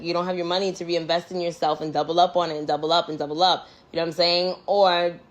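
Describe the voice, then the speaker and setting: A woman's voice: on the low side, muffled recording. A woman talking in a casual, rambling monologue, blunt and profane, packed with filler words. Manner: blunt and candid. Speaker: musician on a livestream.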